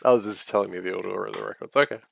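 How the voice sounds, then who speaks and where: Gravelly, swearing man reading a game aloud. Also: lowish voice, fairly even intonation, very fast, no room sound, clean studio sound. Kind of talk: casual playthrough commentary.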